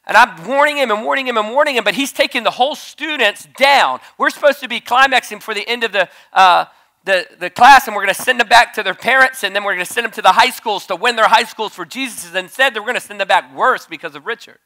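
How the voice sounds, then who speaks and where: Gravelly bright-voiced man preaching with surges. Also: high voice, fast. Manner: storytelling preacher, surges to loud shouted peaks. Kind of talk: sermon. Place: conference stage.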